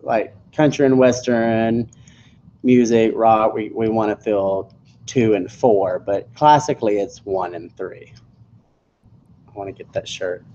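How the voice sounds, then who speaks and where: A man's voice: on the low side, fairly even intonation, unhurried, dark tone, slight background noise. A male music teacher giving a classroom lesson, counting beats aloud and explaining rhythm. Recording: echoey distant classroom recording, dull.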